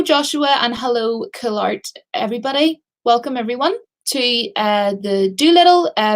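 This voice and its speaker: A woman chatting casually on a live stream as a movie reviewer, rambling with fillers and restarts. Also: fairly high pitch.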